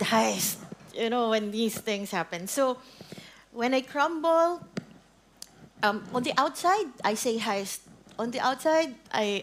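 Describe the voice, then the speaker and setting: A middle-aged Filipino-accented woman with a voice on the high side gives a conversational talk at a church training session for a women's ministry group. She's chatty, switches between Tagalog and English, and keeps checking in with the audience. Slight background noise is audible.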